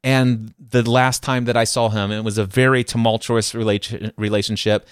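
A man hosting a podcast, telling a personal story in an animated, conversational way and acting out quoted voices. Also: lowish voice, moderate pace, clear, resonant tone, no room sound, clean studio sound. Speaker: podcast host.

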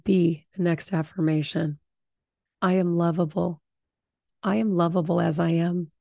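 A middle-aged woman hosting a podcast, giving earnest spiritual affirmations and teaching in a slow, soothing way. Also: on the low side, fairly even intonation, vocal fry, mellow, no room sound. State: tearful, voice breaking with emotion. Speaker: podcast host.

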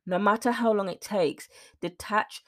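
Woman, podcast coach, earnest and emphatic, mid-pitched voice. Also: steady tone, normal speed. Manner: earnest, emphatic, at times emotional. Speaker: weight loss mindset coach, podcast host. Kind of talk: motivational solo talk.

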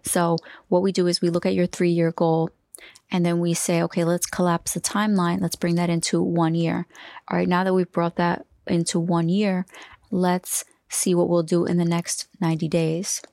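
A woman's voice: lowish voice, level tone, moderate pace, creaky, darkish tone, no room sound. A woman hosting a solo coaching podcast, talking loosely with restarts and now and then dropping into a whisper. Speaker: podcast host and life coach.

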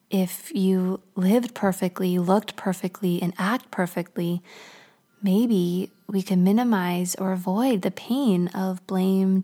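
A woman voicing Shame, a weary male figure in a spoken story who speaks quietly and in a subdued way. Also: medium pitch.

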